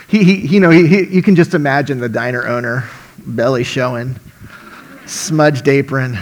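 A man preaching a sermon and telling a story, delivering it animatedly and swinging from hushed to loud. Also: mid-range voice, moderate pace, a little hiss or hum.

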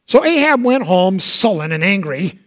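A man preaching a sermon in a light, high voice. He talks casually, like he's chatting with the congregation, and slips into dramatic voices when he quotes someone. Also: big pitch swings, normal speed, fairly bright tone. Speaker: pastor.

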